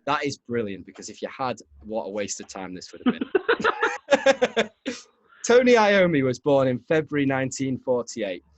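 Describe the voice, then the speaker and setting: A man's voice: medium pitch, sing-song, moderate pace, pauses often, no echo. A man hosting a podcast, telling a rambling story in casual chat, often laughing. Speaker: podcast host.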